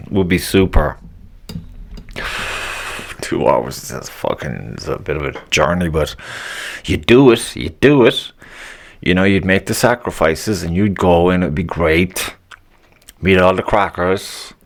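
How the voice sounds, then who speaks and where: A deep-voiced man hosts a solo podcast in a loose, rambling rant. He swears constantly, grumbles with open annoyance, and chuckles at his own jokes between thoughts. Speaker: podcast host.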